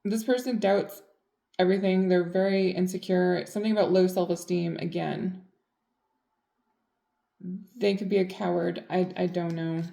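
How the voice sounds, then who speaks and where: Chatty gravelly-voiced woman reading tarot. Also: on the low side, level tone, normal speed, pauses often, mellow, roomy sound. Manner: chatty, blunt, many fillers. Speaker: tarot reader.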